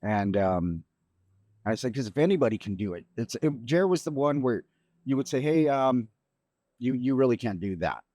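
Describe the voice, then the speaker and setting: Middle-aged father, guest; halting, reflective storyteller; mid pitch, dry mic. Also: very animated, dark tone, no echo. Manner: halting, reflective, many restarts. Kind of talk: emotional storytelling.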